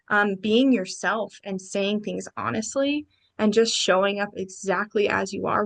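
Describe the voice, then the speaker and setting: A woman, a podcast guest, telling a personal story in an animated way and quoting her friends in lively bursts. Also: mid-range voice, moderate pace, vocal fry.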